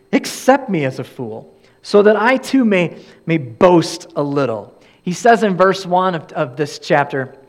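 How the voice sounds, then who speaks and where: A pastor with a fairly high-pitched voice delivers a sermon earnestly and conversationally, frequently restarting his phrases.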